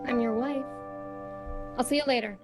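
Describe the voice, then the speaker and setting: A young wife in an audio drama, cool and evasive, as an actress plays her. Her voice sits high, with clear music running underneath. She talks plainly. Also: normal speed, close to an everyday voice. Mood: calm. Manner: plain, then frantic and insistent. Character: young wife, secretive then panicked.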